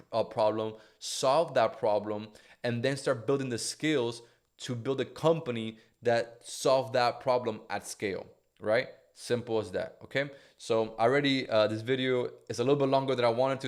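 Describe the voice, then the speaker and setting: A man giving casual motivational business advice to camera, loose and profane, with lots of fillers like "right?" and "you get me?". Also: medium pitch. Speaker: online business coach.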